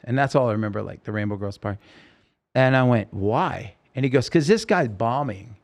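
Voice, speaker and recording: A middle-aged man telling a story as a podcast guest, lively and acting out the voices of the people he quotes. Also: mid-range voice, normal speed. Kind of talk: casual storytelling interview.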